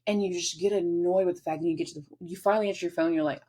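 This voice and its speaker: A woman hosting an astrology channel, giving a casual forecast and acting out everyday scenes in an animated way. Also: on the low side, brisk.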